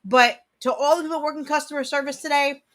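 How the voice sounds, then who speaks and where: A woman's voice: high voice, fairly even intonation, fast talker, fairly bright tone. A woman co-hosting a casual livestream chat, talking in a blunt, brash way and swearing freely. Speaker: co-host.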